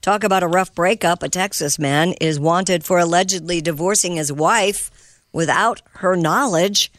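A woman reading news stories on a radio show in an even, clear delivery, with light asides to her co-hosts. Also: fairly low pitch, normal speed, no room sound, studio quality.

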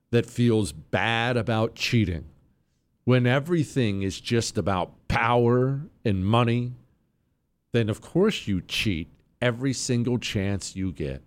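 A man's voice: medium pitch, darkish tone, smooth. A man hosts a talk radio show, speaking in a mid-range voice. He delivers his monologue in a combative, emphatic way and leans on sarcasm to drive his points home.

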